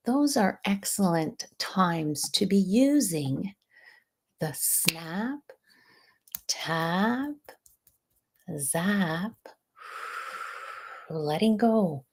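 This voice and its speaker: A woman hosting a live session as a stress management coach, speaking in a slow, soothing, guiding way with some softly breathed phrases. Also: lowish voice, gravelly, husky.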